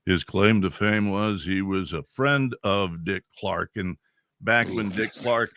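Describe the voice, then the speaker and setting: Bright-voiced veteran radio man in his sixties. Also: fairly low pitch, slow, no room sound, studio quality. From Central California. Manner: animated, chuckling anecdotes. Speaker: veteran radio DJ, podcast guest. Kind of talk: casual storytelling.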